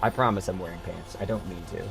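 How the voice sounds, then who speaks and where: A man with a gravelly, fry-heavy voice chats loosely while he plays, throwing in casual swears and banter with his viewers. Faint music runs underneath his talk. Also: deep voice, fairly even intonation, quick pace. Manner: chatty, swears casually, banters with friends and chat. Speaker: streamer. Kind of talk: casual live-stream chat while gaming.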